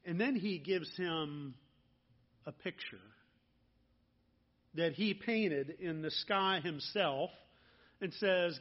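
A man preaching a sermon, earnest and deliberate, dropping soft on the key phrases. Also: a little high, muffled recording. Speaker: pastor.

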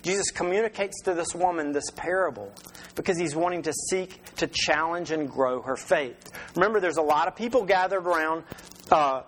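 A man's voice: a little high, moderate pace, fairly bright tone, slight background noise, poor audio. A man preaching a sermon as pastor in a conversational way, with rhetorical questions and restarts.

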